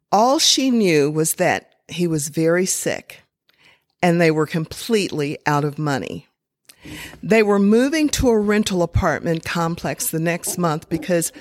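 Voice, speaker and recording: Slow, deliberate woman storyteller. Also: sits low, dry recording, studio quality. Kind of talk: sermon-style storytelling.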